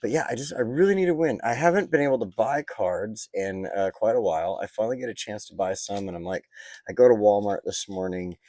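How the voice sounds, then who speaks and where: A chatty man with a lowish, mellow voice narrates a card unboxing, gushing over pulls and drifting into rambling asides. The sound is dry and close to the mic. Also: animated, a little fast, dry recording. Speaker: card-opening vlogger. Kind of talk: casual unboxing commentary.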